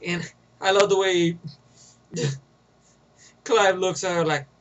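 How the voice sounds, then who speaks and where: A young man with a fairly high voice talks through a movie he loves in a loose, rambling way. He stumbles, repeats himself and slips into the characters' lines as he retells scenes. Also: fairly even intonation, slow, muffled recording. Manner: rambling, laughs often, restarts and repeats words. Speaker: movie reviewer. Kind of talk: casual spoken movie review.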